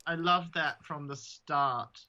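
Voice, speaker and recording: Male drag queen guest, casual and self-mocking, bright voice on slightly dull audio. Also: a little high, slow. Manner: chatty, self-mocking, slips into silly voices. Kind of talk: casual interview chat.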